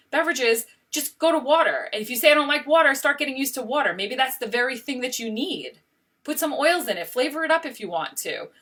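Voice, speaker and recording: A woman's voice: on the high side, fairly bright tone, distant mic. A middle-aged woman life coach giving a casual motivational talk, emphatic and often checking in with "okay?".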